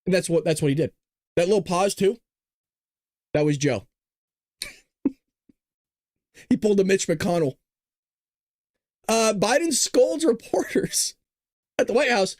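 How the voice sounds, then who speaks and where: A man hosting a live political commentary show, talking in an animated, sarcastic way with laughing asides. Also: high voice, unhurried, long pauses, no echo, studio quality. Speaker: host.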